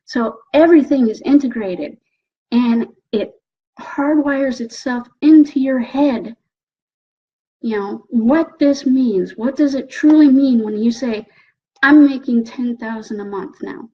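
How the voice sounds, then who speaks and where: A woman coach talks with animated energy, often checking in with "okay?" as she acts out her own excited thoughts. Her voice sits a bit high and carries a husky edge. The recording is dull and lo-fi. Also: takes it slowly. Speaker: motivational coach. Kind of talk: motivational talk.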